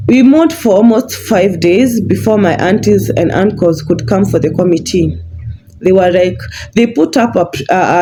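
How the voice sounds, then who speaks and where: Woman, mellow tone, halting speech with restarts, candid vlog storytelling. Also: medium pitch, slight background noise. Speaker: vlogger. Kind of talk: emotional personal storytelling.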